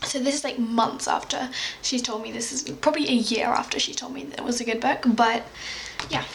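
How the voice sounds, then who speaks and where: A young woman with an English accent softened by American tones, talking casually as a book vlogger, rambling with lots of fillers and small giggles. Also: a little high, fairly even intonation, brisk, gravelly, a little hiss or hum, rough recording. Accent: English, slightly Americanised. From England. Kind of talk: casual chatty monologue.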